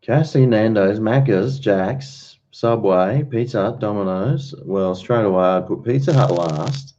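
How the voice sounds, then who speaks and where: Low-voiced man, chatty stream host. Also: measured pace, mellow, lo-fi sound. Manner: chatty, rambling, answers chat comments. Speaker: livestream host. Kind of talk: casual chat with viewers.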